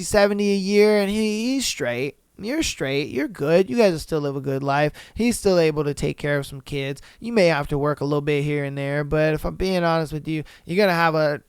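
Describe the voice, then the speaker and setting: A man's voice: a little high, clean tone, no echo. A young man hosting a podcast, reacting in casual, blunt and profane talk that repeats itself and gets emphatic. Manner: blunt, slangy and profane, often repeats himself; worked up and emphatic when ranting. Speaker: podcast host. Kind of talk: casual reaction commentary on reader stories.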